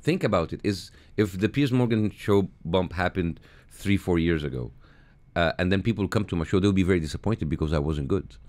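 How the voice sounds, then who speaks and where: Brief: middle-aged male guest, Arabic native speaker, halting and repetitive, fairly low voice. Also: darkish tone. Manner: halting, repeats words, laughs easily. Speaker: studio guest. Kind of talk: conversational interview. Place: radio studio.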